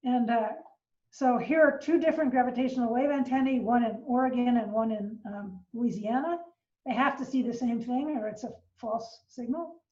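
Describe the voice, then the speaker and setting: An older woman lecturing on astronomy, patient and explanatory, pausing on fillers as she works through each idea. Her voice sits a little high and sounds set back from the mic in a roomy living room. The recording is somewhat dull and muffled. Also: a little mellow, recorded from a distance. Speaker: astronomy professor giving a lecture. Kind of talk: informal online science lecture.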